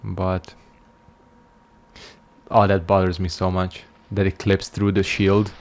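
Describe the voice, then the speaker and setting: A man's voice: low-pitched, monotone, slow. A male streamer giving casual gameplay commentary, making wry jokes and yawning as he plays. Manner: wry, joking asides while playing. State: sleepy, yawning.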